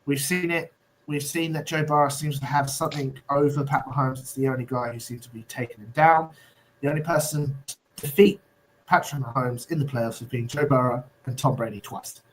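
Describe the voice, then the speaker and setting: A man co-hosting a sports podcast who talks in a measured way and lays out his reasoning. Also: medium pitch, steady tone, a little hiss or hum, poor audio. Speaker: podcast co-host. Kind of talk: casual sports chat.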